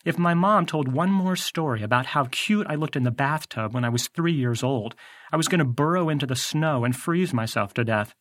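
A man's voice: fairly high pitch, animated, moderate pace, fairly bright tone, no echo, studio quality. A man narrating a first-person audiobook in a wry, conversational way.

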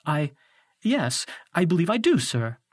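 A man's voice: sits high, wildly swooping pitch, brisk, no echo, clean studio sound, pitched above the performer's own voice. A man doing a dazed, dreamy older woman teacher. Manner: hesitant, dreamy. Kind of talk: audiobook character voice.

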